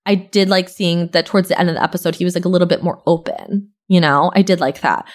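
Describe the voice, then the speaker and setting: A woman's voice: fairly low pitch, fairly even intonation, fast talker. A young woman hosting a podcast, recapping reality TV in a gossipy, chatty way, full of "like" and casual swearing. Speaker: podcast host.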